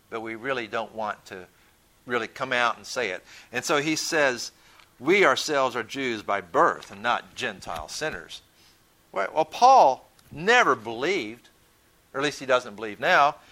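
A man's voice: medium pitch, pushed and bright. A man teaching a Bible study in a conversational way, often repeating words as he thinks and asking his listeners questions.

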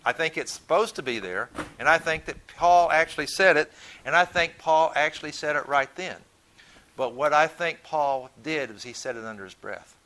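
A man leads a Bible study conversationally, his voice on the high side, pushed and bright, at a normal speed. He often repeats words while he thinks and puts questions to his listeners.

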